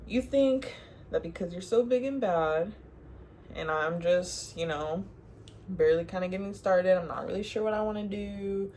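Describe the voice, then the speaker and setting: A young woman giving relationship advice in a sassy, animated, casual monologue to the viewer, often laughing. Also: medium pitch, normal speed, a little hiss or hum. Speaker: advice vlogger.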